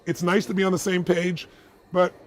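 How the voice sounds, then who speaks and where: A man, a motivational speaker, answering interview questions with animated, laughing stories. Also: sits high. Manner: animated, fast, laughing storyteller.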